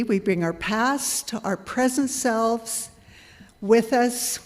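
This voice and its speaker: A woman giving a measured, earnest reflection to a congregation as a lay worship leader. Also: fairly high pitch, a little mellow. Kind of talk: sermon reflection. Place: congregation hall. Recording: long hall reverb.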